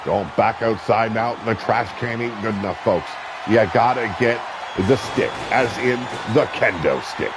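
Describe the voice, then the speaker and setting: Brash, shouting wrestling commentator, gravelly man. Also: lowish voice, unhurried, noisy background. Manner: brash, profane, shouts at big moves. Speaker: play-by-play commentator.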